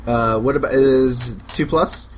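A man playing a tabletop game, talking excitedly, stammering and laughing often. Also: medium pitch, measured pace, slight background noise. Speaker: player. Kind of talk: casual tabletop play.

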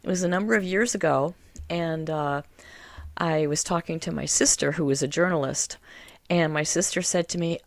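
A woman telling a personal story to an interviewer, animated and laughing often. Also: sits low, moderate pace, no echo.

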